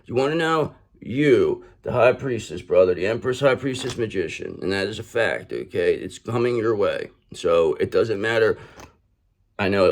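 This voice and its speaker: Low-voiced, profane, streetwise male tarot reader. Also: animated, normal speed. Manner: blunt, streetwise and profane, addresses the listener directly. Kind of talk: online tarot reading.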